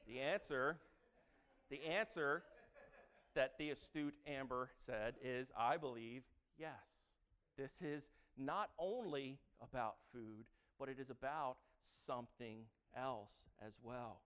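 Smooth-voiced, joking preacher. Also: male voice, mid-range voice, slow pace, a bit bright. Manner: chatty and joking, quizzes the audience. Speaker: preacher teaching a Bible lesson. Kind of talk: interactive sermon.

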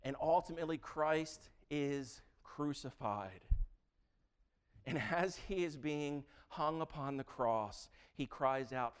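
A man preaching a sermon in a conversational, animated way, often restarting his sentences. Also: mid-range voice, a little slow, clear, resonant tone. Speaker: pastor.

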